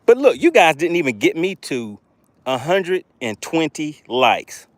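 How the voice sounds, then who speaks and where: A man hosting a live fishing stream, exclaiming excitedly as he shows off his catch. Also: on the high side, a little slow, no echo. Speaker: fishing livestream host.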